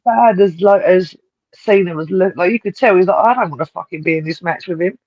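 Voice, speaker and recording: A man's voice: high-pitched, fairly quick, a little mellow, dry recording. A man on a casual podcast, blunt and swearing freely. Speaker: podcast co-host. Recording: dull, dry lo-fi mic.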